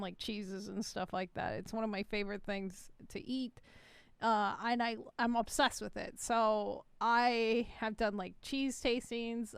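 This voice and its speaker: A young woman tells a rambling story on her podcast in a bright, high voice, laughing and swearing freely as she goes. The sound is dry and close, with no room around her. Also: smooth, no room sound. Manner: swears often, laughs through stories. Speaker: podcast co-host. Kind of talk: casual chat.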